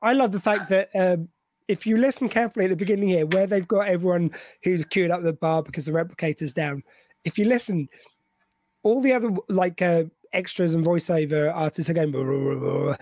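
Animated male co-host, dry close mic. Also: high-pitched, a little fast, dry recording. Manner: animated, laughs often. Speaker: podcast co-host. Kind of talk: casual chat.

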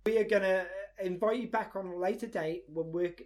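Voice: mid-range voice, fairly quick, a little mellow. Earnest, enthusiastic podcast host. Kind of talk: casual podcast chat.

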